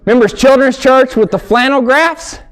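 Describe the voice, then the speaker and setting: A man's voice: very high voice, moderate pace. A man doing a stand-up comedy set on stage, telling stories and acting out characters. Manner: animated storytelling, acts out characters. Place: stage before a live audience.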